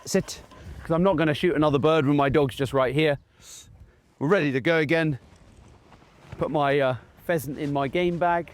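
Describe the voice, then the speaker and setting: A man who trains gundogs explains his commands in a chatty way while working his dog outdoors in a field, breaking off to call short commands to the dog. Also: on the high side. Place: outdoors in a field beside a game crop.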